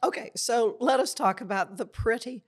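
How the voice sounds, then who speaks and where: A woman hosting a talk show, asking questions in a playful, encouraging way with quick backchannels. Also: on the high side, breathy edge. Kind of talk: casual interview chat.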